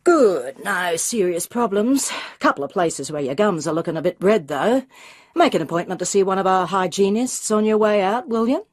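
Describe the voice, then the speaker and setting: A woman voicing a brisk, offhand male dentist of about forty with an Australian accent. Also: mid-range voice, lively intonation, lightly acted.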